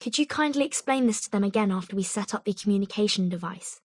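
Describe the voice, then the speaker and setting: A woman's voice: medium pitch, lively intonation, quick pace, breathy edge. An actress voicing a polite, formal woman messenger. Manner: courteous, formal.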